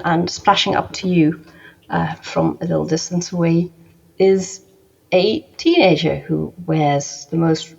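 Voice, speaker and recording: Woman, game master, very husky, low-pitched, halting narration. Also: darkish tone. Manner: hesitant, many ums and restarts. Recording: dull lo-fi recording.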